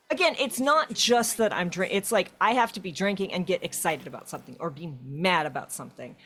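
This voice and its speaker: A woman's voice: on the low side, normal speed. Chatty woman co-hosting a game stream. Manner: chatty, animated storytelling. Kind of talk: casual chat while playing.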